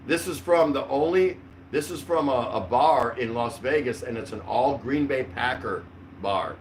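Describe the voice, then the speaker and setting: Sitting on his couch at home, a middle-aged man hosts a casual livestream, talking at normal speed in a medium-pitched voice. His vlogger chatter rambles with many fillers and frequent laughs. Sound comes from a distant mic with faint room noise.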